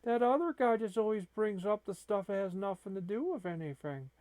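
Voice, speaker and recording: A man's voice: high voice, expressive, a little fast, darkish tone, no echo, pitched above the performer's own voice. A man voicing a pleading male kitty cat from a game picture, in a whiny, begging voice.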